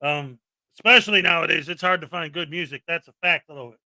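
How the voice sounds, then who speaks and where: A man's voice: high-pitched, expressive, moderate pace, pushed and bright, no room sound. A man hosting a live stream, ranting and joking about video clips with plenty of crude insults. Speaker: streamer host. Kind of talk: casual live-stream commentary.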